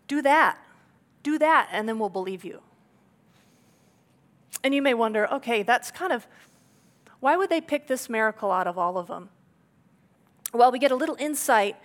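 With a slightly high voice, a female pastor gives an energetic, conversational sermon, asking her congregation rhetorical questions.

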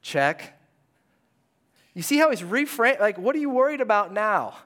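A man with a slightly high voice delivers a sermon from a church stage. He speaks in a casual, conversational way and swings between animated bursts and hushed asides. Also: normal speed. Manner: conversational and animated, dropping to hushed tones for quoted words. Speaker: pastor. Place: church sanctuary.

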